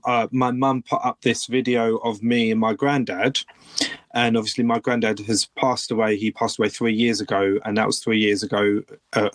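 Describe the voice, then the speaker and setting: A man's voice: lowish voice, no room sound. A man co-hosting a podcast from home, talking earnestly and openly about his feelings in casual chat. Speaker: podcast co-host. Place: home room.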